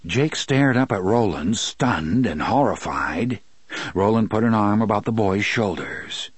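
A man narrates an audiobook with a steady, measured delivery. His voice is low and husky. The recording is dry and close. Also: dry recording. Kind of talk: scripted narration.

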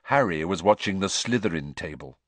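A man narrating an audiobook with expressive storytelling, voicing every character himself. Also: low-pitched, brisk, no echo.

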